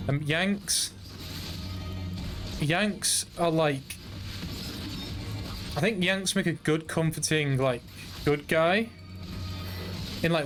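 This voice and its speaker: A young British man chats on a game stream in a loose, slangy way and laughs often. His voice sits a little high. Faint music plays behind him. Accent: British English. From Britain. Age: 20s. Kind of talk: casual gaming stream chat.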